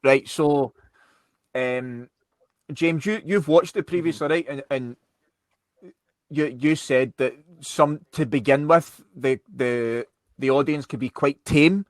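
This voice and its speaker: A man's voice: mid-range voice, slow pace, no room sound. A Scottish man in casual podcast chat, hesitant and often repeating words as he starts. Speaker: podcast co-host.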